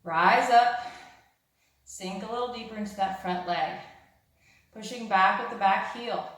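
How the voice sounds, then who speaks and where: A woman's voice: mid-range voice, measured pace, a bit bright. Upbeat woman instructor, breathless, calling yoga cues in a very echoey room. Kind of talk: guided yoga class cues.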